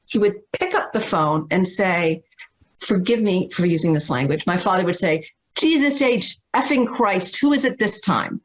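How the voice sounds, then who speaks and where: Brief: woman storyteller on a video call, expressive and emphatic, with lively pitch. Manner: dramatic, emphatic, with slowed stresses and repeated words. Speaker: spiritual teacher and guest. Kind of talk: personal storytelling.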